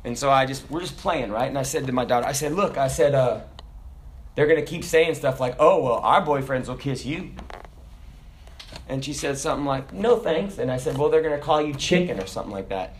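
A man preaching a sermon, swinging from booming shouted lines to quiet, casual asides full of "you know" and "like". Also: brisk, a little hiss or hum. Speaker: pastor.

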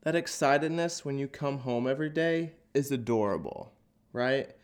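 A man with a stuffy, nasal voice from a cold tells a crude, sarcastic stand-up bit. His pitch swoops widely as he talks. He records in an echoey open office. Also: animated, moderate pace, clear, resonant tone. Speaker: podcast host and stand-up comic.

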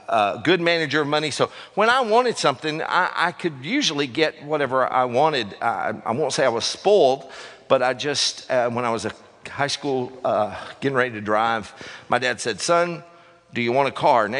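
Rambling pastor in a reverberant hall. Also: male voice, medium pitch, fairly bright tone. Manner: conversational, rambling, self-deprecating, with frequent restarts. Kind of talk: sermon.

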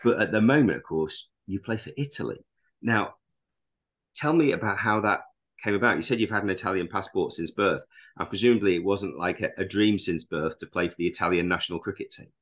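Low voiced guy hosting a podcast, keen, trips over his words a lot. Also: brisk, fairly bright tone. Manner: enthusiastic, stumbling over repeated words. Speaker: podcast host. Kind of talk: casual interview chat.

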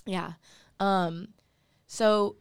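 A woman's voice: mid-range voice, steady tone, extremely slow, clean tone, dry recording, clean studio sound. A young woman co-hosting a casual podcast, talking earnestly with lots of "like" fillers. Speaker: podcast co-host. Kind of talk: casual faith podcast chat.

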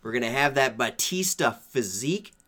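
A man talking casually about movie casting, easygoing and quick to laugh. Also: medium pitch, lively intonation, fairly bright tone. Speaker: podcast co-host.

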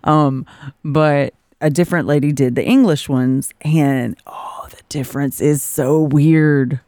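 A young woman co-hosting a casual chat, chatty and quick to laugh as she tells stories. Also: low voice, fairly even intonation, warm tone, dry recording, studio quality. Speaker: podcast co-host.

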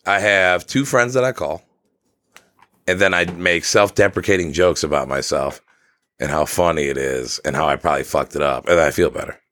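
A man's voice: low-pitched, moderate pace, a bit bright. A young man on a podcast, casually telling stories and acting out quotes in raised voices. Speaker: podcast co-host. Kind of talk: casual chat, storytelling.

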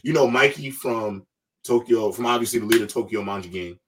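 A man's voice: lowish voice, fairly quick, recorded from a distance, noisy background. A man hosting a casual panel talk show, speaking loosely with slang and emphatic asides. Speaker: show host.

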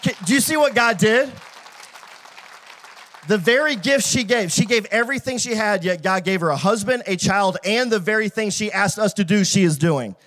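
A middle-aged man pastor preaching a sermon, telling a story and rising to shouted praise. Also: sits high, animated, brisk, few pauses, some chatter behind.

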